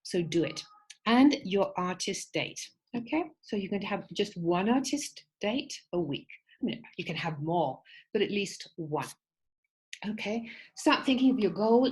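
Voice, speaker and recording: A woman with a mid-range, slightly mellow voice leads an online creativity workshop, heard on a low-quality recording. She gives instructions encouragingly and checks in with listeners by repeating "okay?", and she acts out the quoted voices while telling a fable.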